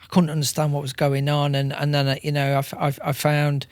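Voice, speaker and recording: A man, a podcast guest speaking in a measured, reflective way. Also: fairly high pitch, completely flat delivery, clean tone, dry recording, studio quality. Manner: measured and reflective, with some restarts. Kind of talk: reflective interview talk.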